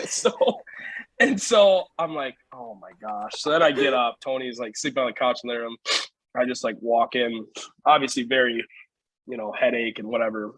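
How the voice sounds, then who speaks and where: A man's voice: mid-range voice, a bit bright, breathy edge, no room sound, rough recording. A man in his twenties casually telling a long story on a podcast, rambling with restarts and laughing often. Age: 20s. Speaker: podcast co-host.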